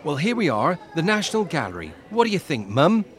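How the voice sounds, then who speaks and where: A man's voice: a little high, huge pitch swings, brisk, some chatter behind. A man playing an exasperated adult son in an audio comedy sketch, correcting his parents.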